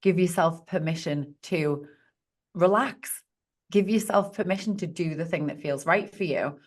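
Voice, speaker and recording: A woman's voice: on the low side, unhurried. A woman speaking as a podcast guest and positive psychologist, talking in an earnest, encouraging coaching tone. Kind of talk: podcast conversation.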